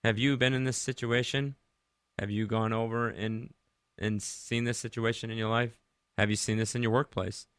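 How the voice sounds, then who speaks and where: A man from Rhode Island hosts a Christian radio show in a relaxed, conversational way. He keeps putting questions to his listeners and closes with a prayer. His voice sits on the lower side and the recording is dry and close. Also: moderate pace, clean tone, no room sound. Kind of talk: devotional radio talk and prayer.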